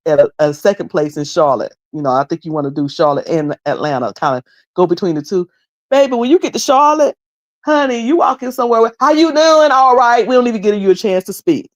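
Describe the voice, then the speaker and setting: A middle-aged woman with a North Carolina Southern accent chats casually with her livestream viewers. Her voice swings lively up and down as she repeats phrases and mimics people. The recording is dry and close, with no room echo. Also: mid-range voice. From High Point, North Carolina. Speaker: livestream host.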